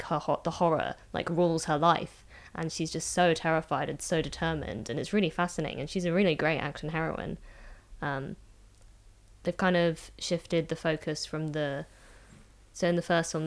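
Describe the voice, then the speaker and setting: A woman with a low, gravelly voice discusses movies in a relaxed chat. She is opinionated and argues her point with her co-host. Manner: opinionated, argumentative. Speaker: podcast co-host. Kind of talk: casual film discussion.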